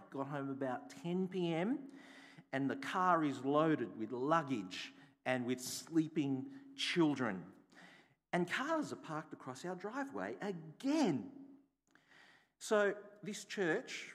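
A man's voice: mid-range voice, fairly bright tone. A man, a bishop preaching a sermon, telling a personal story and asking the congregation repeated rhetorical questions. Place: church. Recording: echoey hall.

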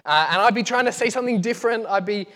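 Higher-voiced male preacher, chatty and joking, on a lapel mic in a reverberant hall. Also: quick pace, a bit bright. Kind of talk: casual sermon. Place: church hall.

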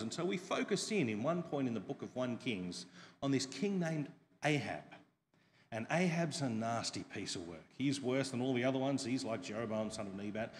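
A male pastor preaching with lively, humorous storytelling and questions to the congregation. His voice sits at an ordinary middle pitch. A long reverb from a large hall trails behind his words. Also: slight background noise. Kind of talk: sermon.

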